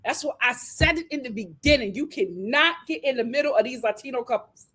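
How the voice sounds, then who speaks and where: Lively high-voiced woman recapping. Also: a little fast, husky. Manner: animated, sassy, sings and riffs. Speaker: show recap host. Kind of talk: casual reality show recap.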